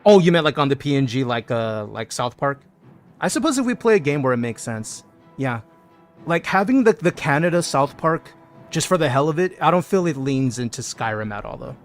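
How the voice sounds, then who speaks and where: A man's voice: medium pitch, sing-song, brisk, faint music behind. A man streaming a game, joking around playfully and reading out viewer messages. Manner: playful, jokey, reads chat aloud. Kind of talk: casual gaming stream chat.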